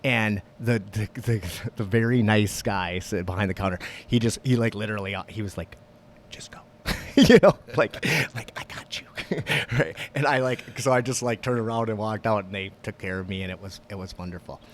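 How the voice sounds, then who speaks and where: A man co-hosting a podcast, telling stories in casual, profane, animated chat. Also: on the low side, fairly quick, hardly any pauses, slight background noise. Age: young adult. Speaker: podcast co-host.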